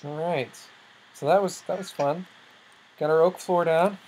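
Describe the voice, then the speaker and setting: A let's-play host chatting through a building session in an easygoing, excitable way. They talk to themselves as they play, count things out loud, and jump with nervous alarm when monsters appear. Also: mid-range voice, unhurried, slight background noise, low-quality recording. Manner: excitable, thinks aloud, startles easily. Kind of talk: casual gameplay commentary.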